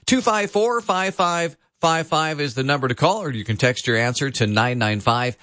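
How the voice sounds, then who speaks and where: A man's voice: on the high side, normal speed, fairly bright tone, no room sound, clean studio sound. A man hosting a Bible quiz segment on the radio, reading scripture aloud and stressing key words as he explains them. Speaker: radio host.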